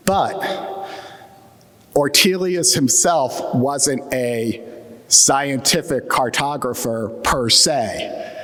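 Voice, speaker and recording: Man with a mid-Atlantic accent, unhurried. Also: mid-range voice, fairly bright tone. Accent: Atlantic Midland American English. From United States. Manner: dry, self-deprecating humor. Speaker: conference keynote speaker. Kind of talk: conference talk. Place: conference hall. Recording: long hall reverb.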